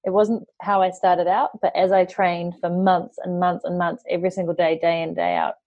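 Woman, interviewer, fairly low voice, earnest quick anecdote, muffled lo-fi sound. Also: little pitch movement, no room sound. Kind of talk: casual conversation. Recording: dull lo-fi recording.

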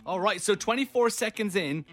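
A man hosting a radio show, chatting playfully and telling stories with lively energy. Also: high-pitched, normal speed, faint music behind. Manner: playful, animated storytelling. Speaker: radio host. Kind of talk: casual radio chat.

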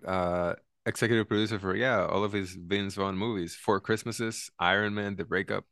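A man's voice: fairly low pitch, fairly even intonation, moderate pace, a bit bright, no room sound, studio quality. A man from Latin America co-hosting a podcast, laughing easily and adding quips in a casual chat about films. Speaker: podcast co-host.

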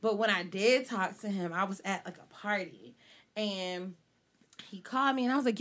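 A young woman telling a story in casual chat with friends, animated and laughing often. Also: medium pitch, normal speed.

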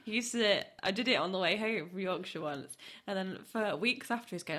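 Woman co-host tossing in dry jokes on a crime podcast, middle pitch. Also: fairly quick, few pauses, pushed and bright. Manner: wry, joking interjections. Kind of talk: casual true-crime podcast chat.

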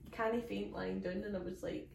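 A Scottish woman co-hosting a comedy podcast, telling a story in a casual, animated way and acting out the voices of the people in it. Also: medium pitch, normal speed, creaky. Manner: acts out quoted voices, animated. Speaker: podcast co-host. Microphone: phone. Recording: echoey room, distant phone mic.

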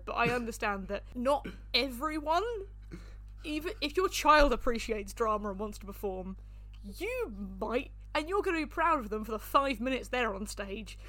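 A woman's voice: a little high, lively intonation, normal speed, bright, forceful tone. A woman co-hosting a casual chat, rambling and laughing often. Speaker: podcast co-host.

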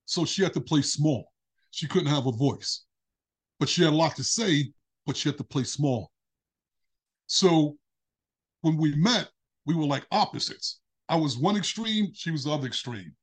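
A man, a podcast guest, telling a candid personal story in an animated way. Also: moderate pace, long pauses, husky. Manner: animated, acts out quoted dialogue with big pitch jumps.

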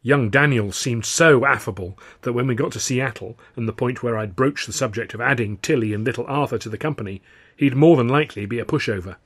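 A man reading his own comic novel aloud in the first person, with a wry, lively storytelling manner. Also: medium pitch, brisk, slightly rough. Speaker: author and narrator.

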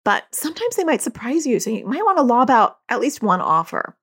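A woman's voice: fairly high pitch, big pitch swings, a little fast, fairly bright tone, husky. A woman hosting a podcast, explaining in a casual conversational way and acting out dialogue in quoted voices. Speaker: podcast host; parent.

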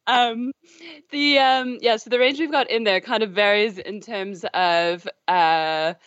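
A woman guest on a podcast, answering in a measured, explanatory way with frequent fillers. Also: medium pitch, fairly even intonation, fairly bright tone, dry recording, dull audio. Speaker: podcast guest, sexual wellness founder. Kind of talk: conversational interview answers.

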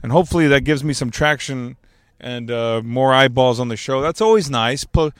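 This podcast host, a man in his thirties from Texas, talks alone into a portable recorder while driving, wandering through a loose monologue peppered with jokes. He speaks at normal speed and medium pitch, and the sound is clean, studio-like and free of echo.

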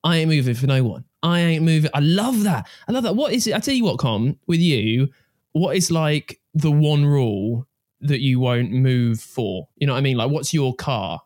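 Young man, podcast host, teasing, butts in, mid-pitched voice, dry sound. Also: animated, darkish tone, dry recording. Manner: teasing and quick to butt in. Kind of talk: casual chat.

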